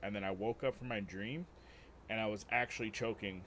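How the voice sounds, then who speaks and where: A man's voice: fairly low pitch, fairly quick, slight background noise. A man streaming a game, casually chatting and swearing as he tells a long story. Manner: swearing, storytelling, animated retelling. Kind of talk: casual gaming stream chat.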